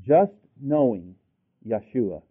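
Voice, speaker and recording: A man preaches a sermon and presses the congregation with rhetorical question after question. His voice swells to loud, emphatic peaks. The recording is thin and tinny, like a phone line. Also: mid-range voice, very animated, slow pace, slightly rough.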